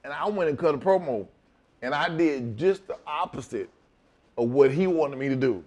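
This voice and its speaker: Middle-aged male guest, slightly high voice, profane blunt storyteller who voices both sides of every exchange. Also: expressive, normal speed, a little mellow. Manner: blunt, swears often, acts out both sides of quoted talk. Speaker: wrestler telling stories as a guest. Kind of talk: profane shoot-interview storytelling.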